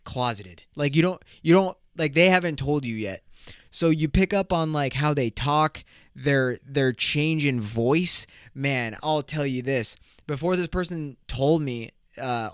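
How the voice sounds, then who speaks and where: Young male solo podcast host, crude and rambling, with a smooth, slightly high voice and a dry close-mic sound. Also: fairly bright tone, dry recording. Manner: crude, rambling, laughs often, swears freely. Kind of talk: casual solo podcast storytelling.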